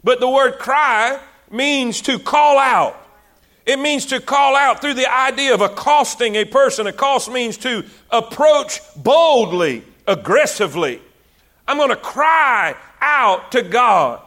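Male preacher, sermon, very high pitch, bright forceful tone, repetitive fervent exhortation. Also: lively intonation, slow.

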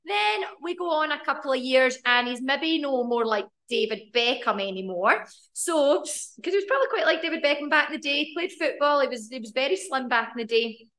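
A woman's voice: high voice, lively intonation, moderate pace, pushed and bright. A young Scottish woman co-hosting a podcast, telling stories in a giggly, bubbly way. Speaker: podcast co-host. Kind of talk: casual chat.

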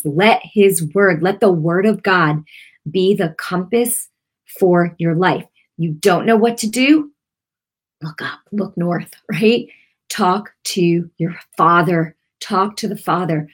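A woman hosting an online ministry broadcast, teaching a devotional message in an earnest, conversational way with many asides. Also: on the low side.

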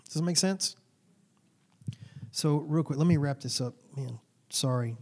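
A man in his forties preaching a sermon, telling folksy stories with sudden loud bursts. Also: a little high, measured pace. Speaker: pastor.

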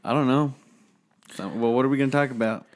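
A young man co-hosting a casual podcast, low-key and dry, teasing his friend. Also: fast, darkish tone. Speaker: podcast co-host. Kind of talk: casual chat.

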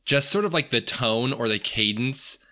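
A man's voice: medium pitch, animated, normal speed, pushed and bright. A man in his thirties chatting casually on a podcast, thoughtful and hedging, with many fillers. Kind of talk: casual chat.

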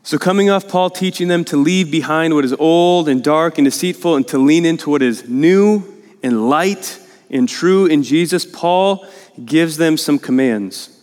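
Male pastor, sermon delivery, conversational and earnest, rises to emphatic pleading; slightly high voice, long reverberant church hall. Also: a little slow, a little mellow. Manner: earnest, conversational, often adds "right?"; grows emphatic and urgent in pleading passages. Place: church sanctuary.

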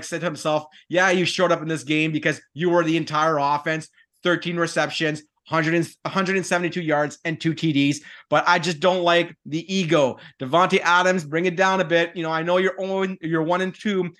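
A man co-hosting a sports talk show, giving a steady, conversational game breakdown. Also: fairly high pitch. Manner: steady, conversational breakdown with fillers like "you know". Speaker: podcast co-host. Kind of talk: casual sports analysis.

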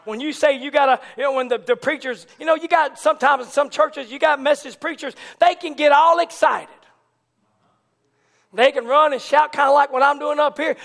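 A man preaching a fervent Pentecostal sermon, moving from low conversational talk to shouted, rousing preaching. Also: fairly even intonation, normal speed, vocal fry. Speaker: pastor.

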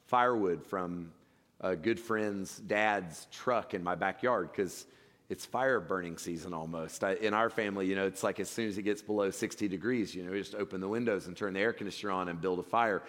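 A man preaching a sermon in a relaxed, conversational way, often restarting phrases as he talks. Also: sits low, moderate pace. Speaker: pastor. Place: church sanctuary. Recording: long hall reverb.

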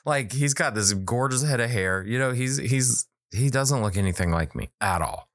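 A man's voice: mid-range voice, normal speed, no room sound, studio quality. A man in his thirties, a children's book author, telling a story in casual conversation and acting out the quoted dialogue. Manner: animated, acts out quoted dialogue.

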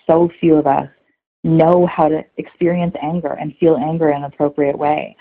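A woman in her thirties talks through a thin, phone-like line, her voice a little husky and breathy. She speaks earnestly and reflectively, often reaching for casual fillers as she thinks aloud. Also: low voice. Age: 30s. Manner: earnest, reflective, heavy use of "like". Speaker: guest. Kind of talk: candid conversational interview.

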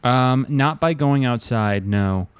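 A man's voice: mid-range voice, slow pace, clean tone. A man co-hosting a casual comedic chat, rambling crudely and acting out quoted voices. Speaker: podcast co-host.

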